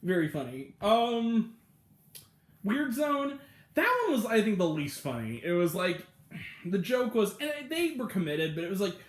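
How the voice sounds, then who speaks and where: A man's voice: sits high, sing-song, unhurried. A man giving a casual, rambling spoken review of a comedy show, full of fillers and laughter, acting out quoted lines in other voices. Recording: echoey room.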